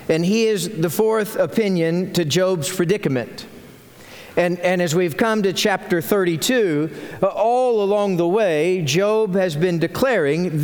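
A man preaching a sermon as senior pastor, telling the story in an animated way with frequent restarts. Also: sits high, big-room sound.

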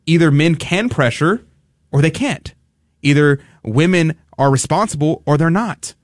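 A man's voice: fairly high pitch, animated, unhurried, dry recording, studio quality. A man hosting a talk radio show, arguing emphatically and acting out mocking quotes.

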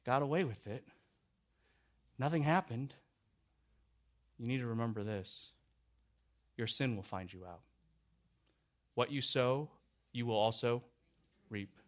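A man preaching a sermon, rising to loud, urgent emphasis and dropping to hushed, low warnings, repeating phrases for weight. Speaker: pastor.

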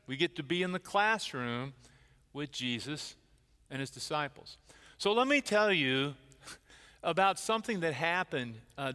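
An older male pastor preaching in a self-deprecating storytelling manner. His voice is high and bright for a man. A long church-hall reverb hangs on every phrase. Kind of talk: sermon. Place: church sanctuary.

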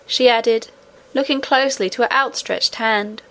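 A woman narrating a classic children's fantasy story in a clear, even storytelling manner. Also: fairly high pitch, moderate pace, few pauses. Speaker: audiobook narrator.

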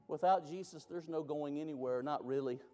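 A man preaching a sermon, moving between loud, rising climaxes and hushed, slow lines. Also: fairly high pitch. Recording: long reverb of a large hall.

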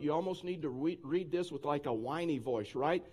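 A man's voice: fairly high pitch, animated, normal speed, hardly any pauses, darkish tone. A male pastor preaching a sermon in a conversational style, with frequent restarts.

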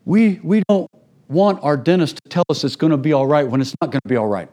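A man's voice: a little high, expressive, fast, mellow. A middle-aged man preaching a sermon to his church in a conversational way, acting out small everyday scenes to make his points. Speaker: pastor.

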